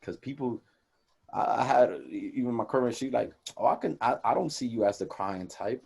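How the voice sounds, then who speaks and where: A young man co-hosting a casual podcast, talking in animated, profane street slang and acting out quoted conversations. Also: mid-range voice, moderate pace, gravelly, husky. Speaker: podcast co-host.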